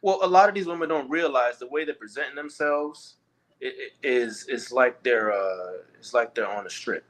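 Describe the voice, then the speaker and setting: A man's voice: mid-range voice, moderate pace, a bit bright. A man talking in a casual, opinionated chat, emphatic and rambling, often restarting his sentences.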